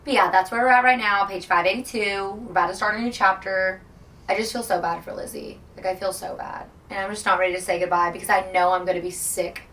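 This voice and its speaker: A woman's voice: medium pitch, fairly even intonation, fast, a bit bright, far from the mic, slight background noise. A woman book vlogger reacting emotionally to a novel in casual talk, gushing and full of "like". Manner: gushing and emotional, heavy filler "like". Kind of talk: casual reading-vlog reactions.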